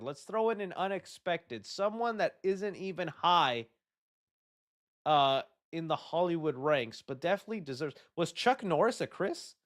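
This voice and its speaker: A young man hosting a live stream in casual chat, joking and answering chat questions. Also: high-pitched. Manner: animated and joking, reads chat aloud. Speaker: host.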